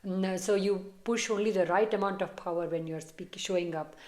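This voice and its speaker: A woman's voice: medium pitch, steady tone, normal speed, darkish tone. A woman tarot reader talking casually and reassuringly straight to her viewers as she gives a reading. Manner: chatty, reassuring, direct address to viewers.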